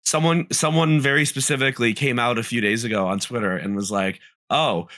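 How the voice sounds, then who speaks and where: A man co-hosting a podcast, chatting casually in a rambling, animated way with many fillers and restarts. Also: mid-range voice, brisk, no echo, studio quality. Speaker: podcast host. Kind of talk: casual group discussion.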